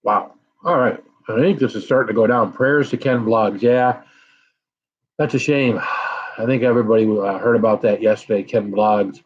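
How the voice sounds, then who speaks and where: This American man, middle-aged, speaks in a slightly rough, lowish voice at a moderate pace, and the recording sounds muffled. On his casual live stream he talks with viewers, sighing and puffing out breaths as the hot peppers set his mouth burning.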